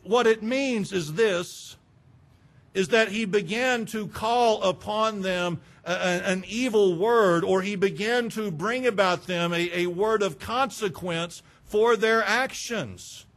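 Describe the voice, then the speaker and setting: A man preaching a sermon, fervent and emphatic, breaking into loud bursts. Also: sits high, slow pace.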